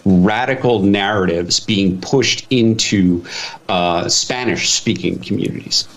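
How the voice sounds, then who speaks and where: A man speaking formally in a played news clip, measured and hesitant. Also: fairly low pitch, a bit bright. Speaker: news interviewee.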